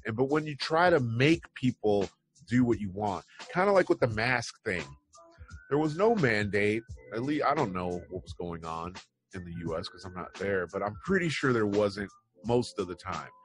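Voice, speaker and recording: A man's voice: fairly low pitch, expressive, moderate pace. A man hosting an online news show, talking casually and rambling through his opinions with wry asides. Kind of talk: casual commentary on news headlines.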